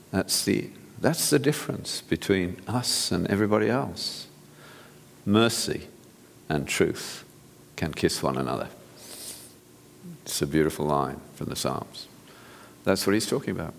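A physician delivers an earnest, direct, sermon-like talk to an audience, frequently restarting his sentences. His voice is low and creaky, trailing off into a long reverb.

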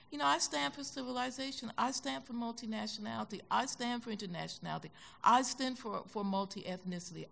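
An older American woman telling stories as a guest in an onstage conversation, animated and acting out the voices she quotes. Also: on the high side, gravelly. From United States. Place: concert hall stage.

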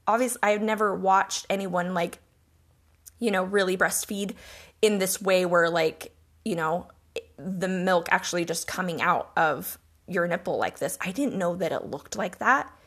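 A woman's voice: fairly low pitch, a little slow, fairly bright tone. A woman hosting a podcast, telling a personal story in an earnest, reflective and emotional way. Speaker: podcast host.

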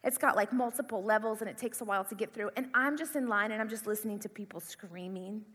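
A young woman preacher telling an animated personal story in a sermon. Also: on the high side, fast talker, few pauses. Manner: animated storytelling, acts out screams and panic. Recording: long hall reverb.

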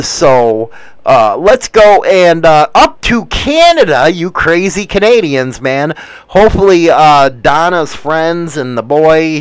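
Animated, profane man hosting a casual show. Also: fairly high pitch, clean tone, dry recording. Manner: rambling, profane, wisecracking. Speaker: show host reading the news. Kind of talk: casual live show chat.

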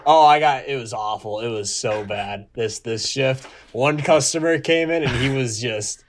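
A man's voice: mid-range voice, normal speed, slight background noise. A young man co-hosting a podcast, recalling a bad customer in a casual, laughing way. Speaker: podcast co-host. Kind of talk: casual storytelling chat.

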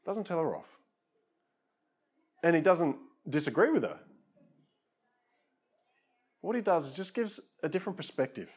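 A man's voice: a little high, sing-song, measured pace, long pauses, slightly rough. A man preaching a conversational sermon, casual and self-deprecating, with frequent asides to his listeners.

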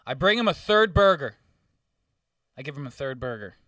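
A young man in casual chat, telling profane, animated stories and acting out the people in them. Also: a little high, moderate pace, no room sound, studio quality, far from the mic. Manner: profane, animated storytelling with acted-out quotes.

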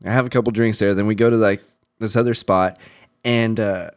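A man's voice: on the low side, fairly even intonation, fairly quick, clear, resonant tone. Rambling storytelling man from New Mexico. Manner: rambling storyteller, lots of filler words. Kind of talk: casual chat, storytelling.

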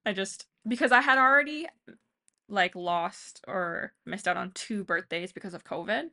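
A woman's voice: medium pitch, unhurried, bright, forceful tone. A young woman co-hosting a podcast in casual, rambling chat full of fillers. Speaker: podcast co-host.

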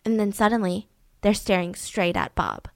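A woman hosting a podcast, telling a true story in an animated way and acting out the voices. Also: medium pitch, normal speed, no echo, clean studio sound. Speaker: podcast host. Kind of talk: storytelling true-crime narration.

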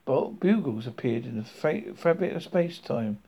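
Man, informal storybook reading, stumbles and self-corrects, gravelly, lively. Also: mid-range voice, normal speed. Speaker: reader.

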